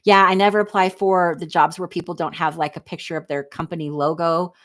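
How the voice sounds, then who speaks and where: Snarky, chatty woman host, low voice. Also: fairly even intonation, brisk. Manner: snarky, candid, chatty, reads comments aloud. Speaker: livestream host reading chat. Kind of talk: casual livestream chat.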